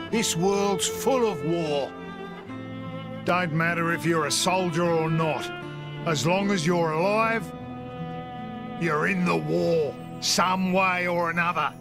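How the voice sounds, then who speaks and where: An actor playing a blunt, world-weary middle-aged mercenary captain in a video game, with a broad, exaggerated Australian accent and a rough drawl. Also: male voice, on the high side. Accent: broad exaggerated Australian (Bogan). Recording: game audio with music behind.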